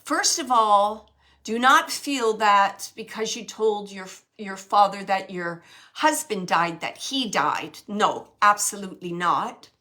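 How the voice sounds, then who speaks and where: A woman giving a live mediumship reading, halting and searching, with many fillers as she relays messages. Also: mid-range voice, lively intonation, bright, forceful tone. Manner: relays spirit messages to the sitters.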